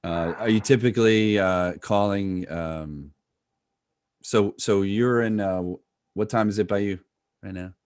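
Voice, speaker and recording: A man's voice: fairly low pitch, measured pace, a little mellow, smooth, no room sound. A man chatting casually, asking rambling, hesitant questions with many fillers. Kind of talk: casual chat.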